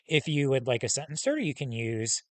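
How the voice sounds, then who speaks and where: Animated male teacher guiding a class. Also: medium pitch, fairly quick, dry recording. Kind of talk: reading a novel aloud to a class.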